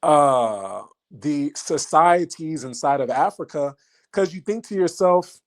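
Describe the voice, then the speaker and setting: A man hosting a livestream, talking casually to his chat in an animated, mocking way and throwing repeated questions at the audience. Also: high voice, moderate pace. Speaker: livestream host.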